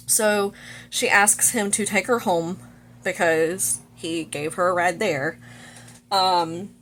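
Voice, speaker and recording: A woman's voice: lowish voice, slow, a bit bright, a little hiss or hum. Chatty woman recapping a movie. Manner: chatty, full of "like" and "you know" fillers. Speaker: vlogger. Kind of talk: casual movie recap while doing makeup.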